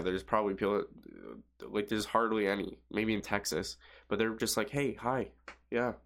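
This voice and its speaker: Here a young man hosts a podcast, rambling through a casual monologue in a fairly low, somewhat bright voice. Swearing comes easily to him, and he pads his speech with fillers while repeatedly restarting sentences.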